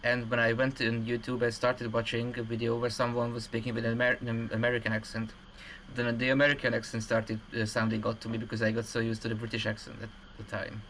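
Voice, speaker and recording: A man's voice: medium pitch, completely flat delivery, fast talker, hardly any pauses, a bit bright, slight background noise, rough recording. A man co-hosting a casual livestream chat, explaining things at length with lots of fillers and restarts.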